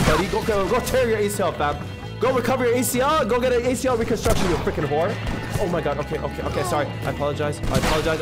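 A young man streaming a video game, giving hyped, joking commentary full of slang, swearing and trash talk. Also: high-pitched. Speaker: gaming streamer. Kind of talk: casual let's-play commentary.

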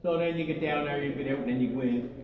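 A man's voice: a little high, fast, narrow, tinny audio. An older man, a former coal miner guiding a mine tour and spinning joking stories, often checking in with "okay?" and "right?". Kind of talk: guided tour storytelling. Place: underground coal mine tunnel. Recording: echoey mine tunnel, distant mic, noisy.

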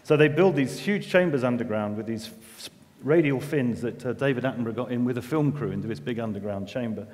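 A man's voice: mid-range voice, brisk, a little mellow. Chatty man in a reverberant hall. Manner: chatty, self-deprecating, many restarts and asides. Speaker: environmental engineer giving a festival talk. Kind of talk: conference talk. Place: festival venue with long reverb.

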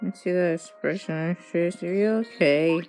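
A woman's voice: lowish voice, moderate pace, darkish tone, faint music behind. A woman narrating gameplay, talking to the characters on screen and playfully scolding them. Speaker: game player.

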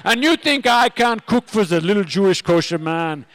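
A man voicing a loud, boastful big male chef, shouting indignantly. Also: high voice, animated, normal speed, no room sound, voice pushed up.

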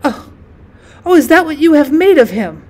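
A woman's voice: sits high, sing-song, normal speed, a little mellow, pitched above the performer's own voice. A woman reading a tearful grieving lady. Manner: tearful, pleading. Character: grief-stricken middle-aged Parisian lady.

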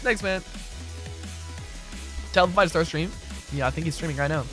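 A man's voice: a little high, normal speed, sharp tone. A man streaming a game live, chatting casually and reading out and answering his chat. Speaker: gaming streamer. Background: game music and keyboard typing.

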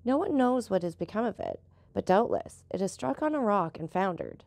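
A woman voicing a calm, seasoned male boat captain who patiently explains things. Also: medium pitch, moderate pace, creaky, no echo.

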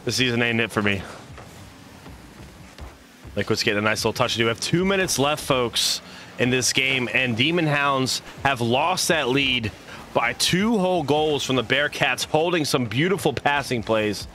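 Young male stream caster, playful and silly, bright tense tone, live commentary. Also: medium pitch, expressive, moderate pace, slight background noise. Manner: playful, silly made-up words, chats with viewers.

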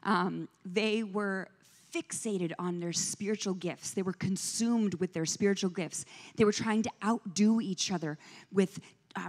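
Speaking as a guest in a church sanctuary, a pastor's wife delivers a conversational sermon, telling stories and putting questions to the audience. Her medium-pitched voice moves at a measured pace, and the indoor hall adds a long reverb.

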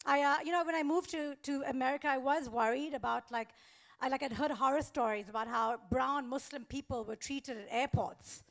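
A young woman doing a stand-up comedy set, telling a story in a deadpan, faux-naive way with little laughs. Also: high-pitched, fairly quick, creaky.

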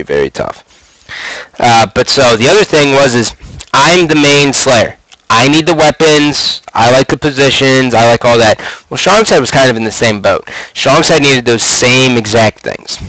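A young man in his twenties tells stories with brash swagger, cursing freely and relishing trash talk. His voice sits at a middling pitch, and the recording is dry and close, with no room sound. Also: fairly bright tone, no room sound, rough recording. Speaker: podcast host recounting esports career. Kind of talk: casual storytelling monologue.

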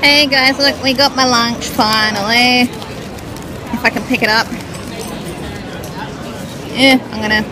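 A young Australian woman vlogs to her camera while shopping in a busy food court, chatting casually, giggling and making fun of herself. Her fairly high voice is level and unhurried, with long pauses. A loud crowd and background music fill the noisy recording.

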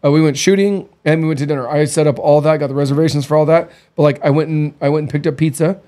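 A man's voice: a little high, steady tone, fast talker, dark tone. A man in his thirties hosting, telling blunt, candid stories in a casual chat. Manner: blunt, candid storytelling with quoted dialogue. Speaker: podcast host.

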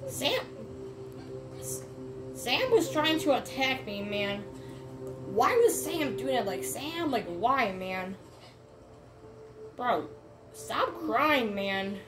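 A woman narrating a game she is playing, drawling slowly in a slightly high voice and breaking into excited yells. She keeps repeating "bro" and "man" in casual let's play commentary, with faint game music underneath. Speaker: gamer.

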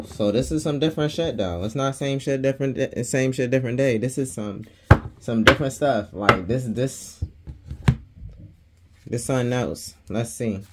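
A man's voice: medium pitch, heavy background noise. A man giving a casual tarot reading, chatty and slangy, laughing often and swearing freely. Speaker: tarot reader.

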